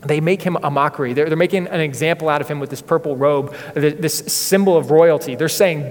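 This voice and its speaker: A male pastor preaches with earnest, dramatic storytelling, his voice sitting somewhat high for a man. He is recorded in a church sanctuary, and a long hall reverb trails after his words. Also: brisk, few pauses. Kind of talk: sermon.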